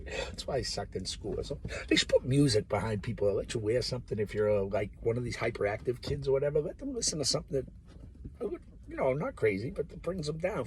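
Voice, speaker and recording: A man thinks out loud in a rambling, off-the-cuff monologue, cursing freely and jumping between subjects. His pitch sits in an ordinary middle range but swings widely as he talks. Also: slight background noise. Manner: rambling, profane, jumps between topics. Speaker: vlogger.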